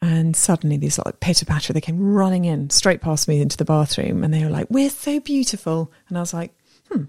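A woman in her thirties co-hosting a podcast, telling stories in a lively, animated way and acting out voices. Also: deep voice, quick pace, hardly any pauses, no room sound, studio quality. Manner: animated storyteller, acts out voices. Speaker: podcast co-host. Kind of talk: casual chat.

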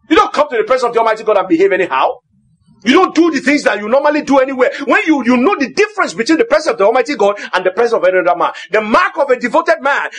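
A man preaching a sermon as pastor, emphatic and repetitive, now and then shouting. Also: very high-pitched.

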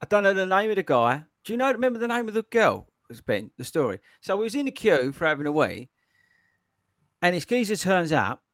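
A man hosting a running podcast, telling stories in an excitable, animated way. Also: sits high, brisk, no echo, clean studio sound. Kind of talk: casual chat.

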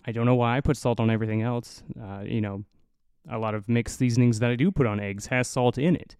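A man's voice: medium pitch, fairly even intonation, fairly quick, darkish tone, clear, resonant tone, no room sound, studio quality. A young man from the Midwest with a nasal Midwestern accent, hosting a solo podcast in a rambling, profane, self-mocking way. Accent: Midwestern American. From American Midwest. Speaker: podcast host. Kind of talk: casual solo podcast monologue.

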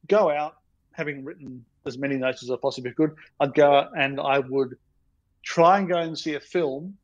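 A man's voice: mid-range voice, no room sound, lo-fi sound. A man, a guest on a podcast, telling a long rambling anecdote in a self-deprecating way. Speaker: podcast guest, storyboard artist.

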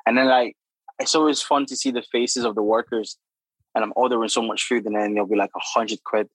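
A young man, a guest telling animated, laughing stories full of acted-out quotes. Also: fairly low pitch, fairly quick, slightly rough, no echo, low-quality recording. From Democratic Republic of Congo. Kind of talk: casual storytelling.

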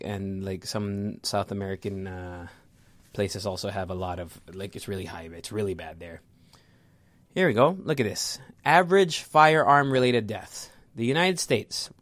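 A man's voice: on the low side, measured pace, fairly bright tone, no echo. A young man giving a heated, profane opinion rant to his viewers, often stumbling and repeating words. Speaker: vlogger. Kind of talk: casual opinion rant to camera.

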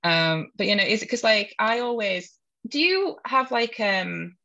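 Bright-voiced woman with a Hull accent. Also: medium pitch, animated, a little slow, lo-fi sound. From Hull, England. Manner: chatty, laughs often, wry self-mocking. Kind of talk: casual chat.

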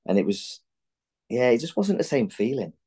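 A man's voice: medium pitch, big pitch swings, moderate pace, dark tone, slightly rough. A middle-aged man, a former footballer, guesting on a podcast and telling candid, blunt stories full of swearing and restarts. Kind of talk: casual chat.

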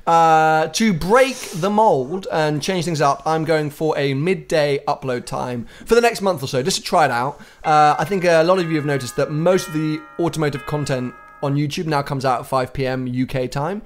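A man hosting a casual car podcast, chatty and upbeat with quick asides. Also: on the high side, soft background music. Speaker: podcast host.

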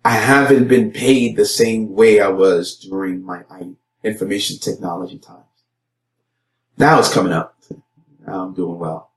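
A young adult man and youth pastor giving a personal testimony talk, earnest, with many fillers and repeated words, jumping higher when he acts out his own quoted lines. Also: steady tone, unhurried, reverberant.

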